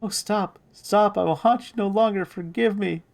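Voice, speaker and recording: A man's voice: medium pitch, animated, fast, close to an everyday voice. Man doing a mock-spooky haunting corpse.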